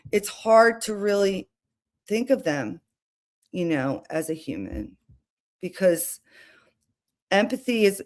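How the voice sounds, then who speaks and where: A woman hosting a casual livestream, talking in a chatty, rambling way with restarts and asides. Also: medium pitch. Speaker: livestream host.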